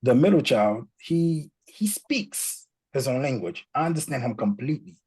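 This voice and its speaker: Animated man, husky voice. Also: mid-range voice, moderate pace, rough recording. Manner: animated storyteller, acts out quotes. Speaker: guest speaker. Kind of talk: casual chat, code-switching.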